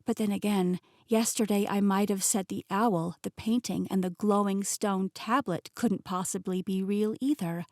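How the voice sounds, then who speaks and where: A woman narrating a novel in first person with lively, expressive delivery. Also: mid-range voice, normal speed, hardly any pauses, no echo, studio quality. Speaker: audiobook narrator.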